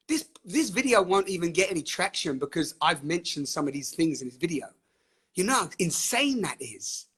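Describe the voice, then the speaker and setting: Hosting a live stream via webcam or phone, a man talks with emphatic, fiery passion, frequent laughter, and free swearing. His voice is high-pitched, creaky, a bit bright, and breathy at the edges.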